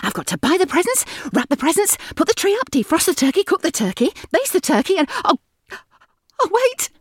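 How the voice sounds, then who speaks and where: A woman voicing a panicked, overwrought mum, rushing through her list at speed. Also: extremely high pitch, sing-song, no echo, clean studio sound, voice pushed up. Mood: frantic. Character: frantic overwrought mum in an advert.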